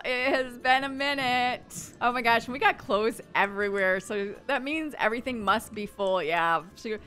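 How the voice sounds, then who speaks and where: Bright smooth-voiced woman chatting through her sim game, playful, a little music under her. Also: on the high side. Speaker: gaming YouTuber. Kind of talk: casual gameplay commentary.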